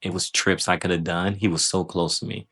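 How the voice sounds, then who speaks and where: Low-voiced man breaking down his match. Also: flat delivery, brisk, bright, forceful tone, slightly rough. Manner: loose, conversational, self-critical with frequent "right?". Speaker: grappler reviewing his own match. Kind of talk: casual match breakdown commentary.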